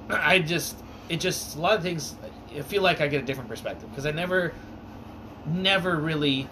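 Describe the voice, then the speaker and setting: A man's voice: on the high side, moderate pace, background noise. A man from Alaska co-hosting a podcast in casual chat, rambling and swearing, with lots of ums and restarts. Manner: rambling, profane, many fillers and restarts. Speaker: podcast co-host.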